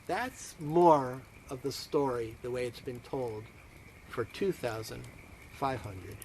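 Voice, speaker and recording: Expressive rabbi telling a story slowly. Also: male voice, mid-range voice, a little hiss or hum. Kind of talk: storytelling for students.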